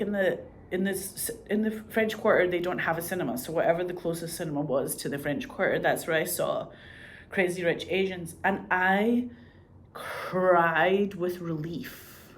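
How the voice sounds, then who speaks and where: A woman's voice: on the low side, slight background noise. A woman in casual chat who swears freely and acts out the lines she quotes. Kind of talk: casual chat about TV shows.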